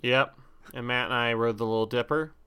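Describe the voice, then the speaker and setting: A man's voice: mid-range voice, steady tone, fairly quick, pushed and bright, smooth. A young man co-hosting a casual chat, delivering blunt, ranting comic bits. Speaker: podcast co-host.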